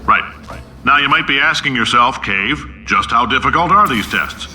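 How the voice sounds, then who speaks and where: A blustering company boss, all bluster and sales pitch with a sardonic edge, his voice bright and forceful. It sounds like a recorded announcement heard from a distance in a roomy, echoing space, with a faint hum underneath. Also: animated, moderate pace, soft background music. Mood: boastful. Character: brash boastful male company CEO, middle-aged. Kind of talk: video game voice acting.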